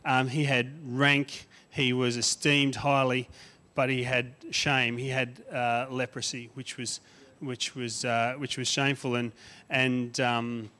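A conversational preacher who swings loud and soft. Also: male voice, mid-range voice, level tone, slow, few pauses. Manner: conversational preaching, rising loud on emphatic lists, dropping quiet on asides. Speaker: guest preacher. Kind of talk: sermon.

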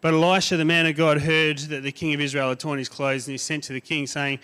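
Man, preacher, sermon, storytelling, halting restarts, slightly high pitch. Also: level tone, sharp tone, clear, resonant tone, big-room sound.

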